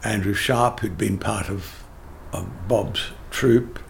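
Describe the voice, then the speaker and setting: A man's voice: fairly low pitch, fairly even intonation, slow pace, gravelly, a little hiss or hum. An older man, a theatre director telling emphatic anecdotes in an interview, often restarting his sentences. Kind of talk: interview conversation.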